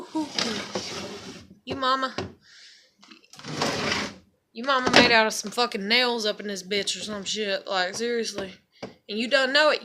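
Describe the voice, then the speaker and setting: A woman's voice: on the high side, sharp tone, a little hiss or hum. A woman talking to her viewers in a rambling, profane, emotional confessional vlog. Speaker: mother vlogging to her viewers.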